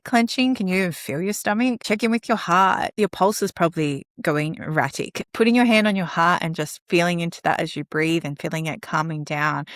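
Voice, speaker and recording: An earnest woman speaks at a middle pitch, explaining calming techniques in a practical, conversational way. She now and then acts out slow breaths in and out. The sound is close and dry, with no room around it. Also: no room sound. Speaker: guest speaker on caregiving. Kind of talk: conversational advice.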